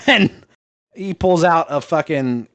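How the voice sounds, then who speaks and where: A man's voice: fairly high pitch, expressive, slow pace, fairly bright tone, dry recording, dull audio. Laid-back man, dry close sound. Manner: loose and profane, heavy on fillers, laughs while talking. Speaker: podcast co-host. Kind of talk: casual chat retelling a comic.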